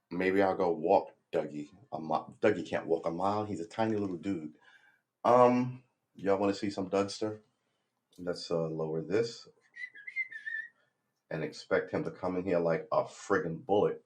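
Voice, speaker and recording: A man hosting a casual home livestream, relaxed and chatty, often coaxing his dog in a sing-song voice. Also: low-pitched, unhurried, pauses often. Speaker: livestream host. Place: home room.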